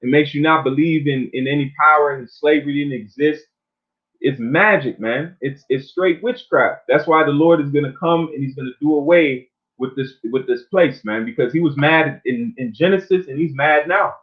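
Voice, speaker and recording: Preacher man on a tinny phone-like line. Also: a little high. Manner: reads verses slowly, then talks loosely, often ending with "man". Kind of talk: informal sermon with scripture reading. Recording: phone-like narrow sound.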